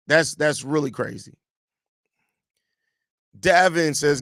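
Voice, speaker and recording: With a slightly high voice, vocal fry, a moderate pace and long pauses, a podcast host reads viewer comments aloud on his live show and teases the senders. He is animated and talks straight to viewers, and the clean studio recording has no room sound.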